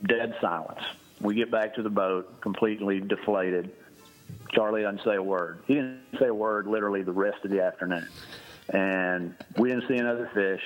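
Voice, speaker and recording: A man's voice: fairly low pitch, steady tone, moderate pace, low-quality recording. A man casually telling a long fishing anecdote on a podcast, laughing as he rambles. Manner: rambling, laughing storyteller with restarts. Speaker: guest storyteller.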